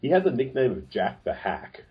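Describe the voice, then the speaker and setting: A man's voice: medium pitch, big pitch swings, moderate pace. A man co-hosting a casual chat, hesitant and full of ums, with jokey asides. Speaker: podcast co-host. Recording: dull lo-fi sound.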